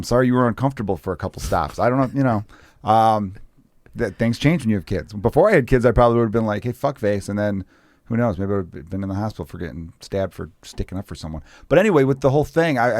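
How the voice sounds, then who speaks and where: A man in his thirties telling profane, animated stories as a comedian guest on a casual podcast. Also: on the low side, fast talker, dry recording. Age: 30s.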